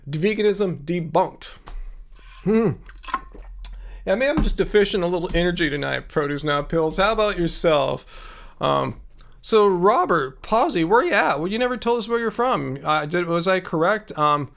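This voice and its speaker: A man's voice: high-pitched, animated, normal speed, creaky, a bit bright. A man in his thirties hosting a casual livestream, rambling and joking with many fillers and restarts. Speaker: livestream host answering viewer questions.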